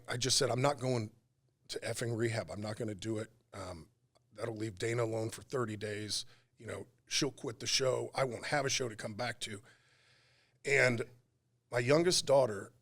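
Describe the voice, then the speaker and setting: A middle-aged man, a radio talk show co-host, telling a personal story in a podcast interview, halting and emotional with many pauses. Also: on the low side, a bit bright, husky.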